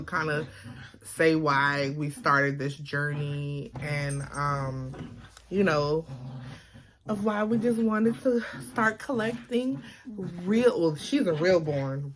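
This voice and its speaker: Chatty Baltimore woman with a bright voice. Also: low-pitched, slight background noise. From Baltimore, Maryland. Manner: rambling, chatty, lots of fillers. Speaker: vlogger. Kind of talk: casual chat to camera. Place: home, indoors. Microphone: phone camera.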